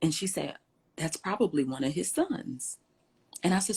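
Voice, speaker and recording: A woman guest in an interview, telling a personal story with lively, acted-out dialogue. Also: deep voice, normal speed, breathy edge. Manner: animated storyteller, acts out quoted dialogue.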